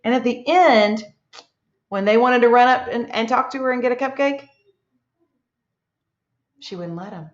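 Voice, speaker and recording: A woman teacher leading a slow, encouraging reading lesson for young children, asking many tag questions. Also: on the high side. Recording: echoey room, dull lo-fi sound.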